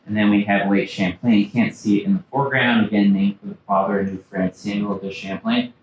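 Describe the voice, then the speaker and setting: A fairly low-pitched man speaks with a flat delivery, a bit fast, over slight background noise, recorded from afar in an echoey library meeting room. An author and former backcountry ranger, he gives a storytelling slide talk and acts out quoted historical figures.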